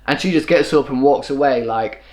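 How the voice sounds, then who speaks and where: A man giving an opinionated solo film review, running his thoughts together without pause. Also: medium pitch. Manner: opinionated, quick run-on delivery. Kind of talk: solo movie review commentary.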